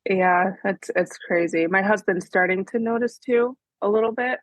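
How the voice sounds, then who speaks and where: A woman's voice: medium pitch, normal speed, no echo. A mother in a coaching session, recounting her week in a rambling, filler-heavy way. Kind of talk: casual chat.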